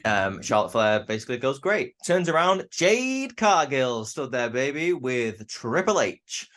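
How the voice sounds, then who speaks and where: A man's voice: medium pitch, very animated, measured pace, a bit bright. A young man giving a casual spoken review of a wrestling show, rambling and often stammering and restarting his sentences.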